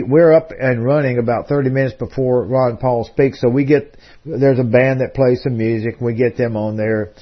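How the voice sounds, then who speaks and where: A man's voice: mid-range voice, muffled recording. A man hosting a talk radio program, telling a long story in a discursive way with frequent fillers and restarts. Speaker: radio host.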